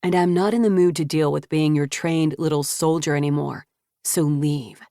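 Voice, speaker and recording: A woman's voice: deep voice, moderate pace, no room sound, clean studio sound, lightly acted. A woman narrator voicing a protective young man who firmly stands up to his mother in an audiobook. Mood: defiant. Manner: firm, defiant.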